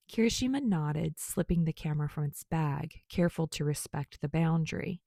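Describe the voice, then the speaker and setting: Low, gravelly woman reading a story. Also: normal speed, few pauses, mellow, dry recording, studio quality. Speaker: podfic reader. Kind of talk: scripted narration of fan fiction.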